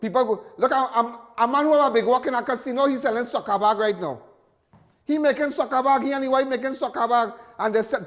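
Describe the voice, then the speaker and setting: Trinidadian male host, very high voice, long reverb, folksy live commentary. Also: fast talker. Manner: folksy, preaching, repeats phrases. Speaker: talk show host.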